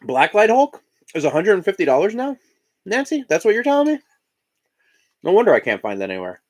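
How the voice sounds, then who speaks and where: A man's voice: high-pitched, huge pitch swings, brisk, a little mellow. A man from Indiana hosting a casual live stream, chatting while he eats breakfast. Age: adult parent of young children. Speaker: live-stream host and collector.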